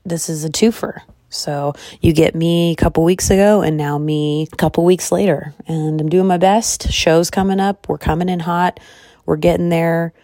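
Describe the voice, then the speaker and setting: A woman in her thirties hosting a podcast, chatting candidly and excitably, tired and hungry, swearing freely. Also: on the low side, moderate pace, no room sound, clean studio sound. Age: 30s. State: tired and calorie deprived. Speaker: podcast host. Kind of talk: casual personal chat. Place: car or bed at home.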